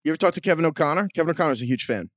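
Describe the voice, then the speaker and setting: A man co-hosting a podcast in casual chat, riffing through quick jokey tangents. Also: fairly high pitch, expressive, no room sound, studio quality. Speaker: podcast co-host.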